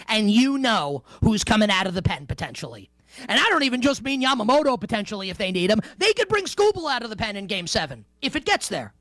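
Male sports-betting radio host, animated delivery, dry close mic. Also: high-pitched, no echo. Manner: emphatic, conversational, playful asides. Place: radio studio.

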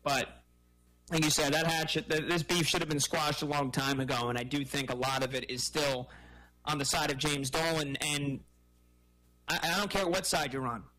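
Bright-voiced male sports radio host. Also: fairly high pitch, moderate pace, low-quality recording. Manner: energetic, conversational.

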